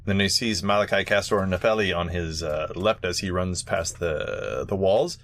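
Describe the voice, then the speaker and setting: Animated game master with a gravelly low voice. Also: male voice, moderate pace. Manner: animated, laughs often, voices monsters in short quotes. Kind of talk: narrating a tabletop game.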